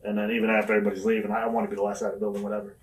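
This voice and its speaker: A man's voice: fairly low pitch, completely flat delivery, very fast, recorded from a distance. A man telling wrestling stories in an interview, swearing often and laughing through his anecdotes. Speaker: wrestler guest. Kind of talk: storytelling shoot interview.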